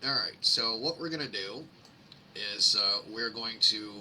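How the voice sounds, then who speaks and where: Reading public complaints on a live screen-share, this host mocks them sarcastically and rambles with plenty of fillers in casual commentary. He has a lowish, sharp-toned voice and speaks a little slowly, with slight background noise.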